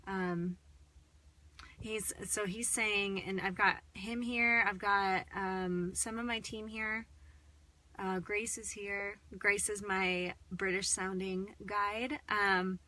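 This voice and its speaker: A woman channeling in a casual live-stream talk from inside a car, sounding tired with a slightly hoarse throat and chatting with lots of fillers and soft laughs. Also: mid-range voice. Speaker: spiritual channeler.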